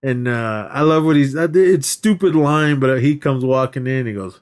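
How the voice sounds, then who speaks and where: A man's voice: mid-range voice, normal speed. A man co-hosting a podcast, casually recapping a film, laughing often and acting out quotes as he rambles. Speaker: podcast co-host. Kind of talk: casual movie recap chat.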